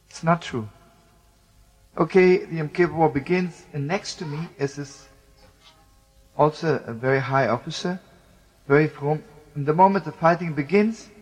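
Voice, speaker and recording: A man telling a wartime story, swinging from loud outbursts to hushed speech, with Yiddish and Hebrew words. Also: on the high side, low-quality recording. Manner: emotional, shifts between loud exclamations and hushed speech.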